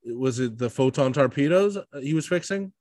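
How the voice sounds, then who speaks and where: A man co-hosting a podcast in casual chat, excitable and loose, with many fillers and swearing. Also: mid-range voice, normal speed, no echo, clean studio sound. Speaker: podcast co-host.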